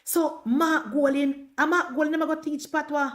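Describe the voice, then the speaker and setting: Speaking at a moderate pace with fairly level intonation, this thirtysomething Jamaican woman has a high-pitched voice. She's livestreaming fiery political commentary and mixes patois into her speech.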